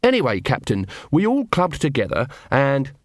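A man's voice: medium pitch, huge pitch swings, moderate pace, no room sound, studio quality. Man voicing an earnest young watch corporal. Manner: polite, earnest.

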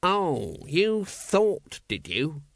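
A man voicing a gruff, sarcastic middle-aged guard captain who growls his lines. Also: a little high, wildly swooping pitch, extremely slow, pitched above the performer's own voice, heavily acted.

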